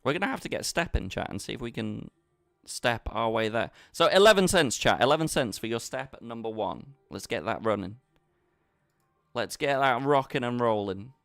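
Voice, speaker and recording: A man's voice: medium pitch, expressive, moderate pace, gravelly, a bit bright, no echo, studio quality. A man chatting casually with his viewers while he plays online poker, bantering and talking to the chat. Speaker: poker streamer. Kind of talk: casual live-stream commentary.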